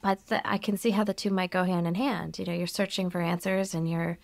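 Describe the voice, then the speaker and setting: A woman's voice: on the low side, fairly even intonation, fairly quick, gravelly, dry recording. A woman hosting a podcast interview, asking thoughtful, reflective questions. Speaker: podcast host.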